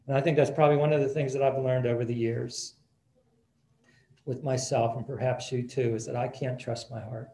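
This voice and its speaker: A man's voice: medium pitch, steady tone, normal speed, warm tone, roomy sound, poor audio. A man preaching a sermon as pastor in an easygoing, conversational way, often repeating words as he restarts.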